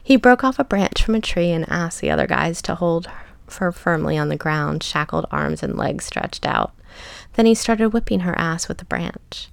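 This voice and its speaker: A woman narrating a story in a soft, measured reading that often drops to a whisper. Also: on the low side, animated, creaky, clear, resonant tone, dry recording.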